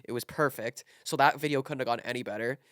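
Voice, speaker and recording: A man's voice: medium pitch, fast talker, dry recording, studio quality. A young man telling a casual story with lots of fillers, acting out quotes. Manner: animated, filler-heavy, acts out quotes. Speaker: podcast guest, content creator.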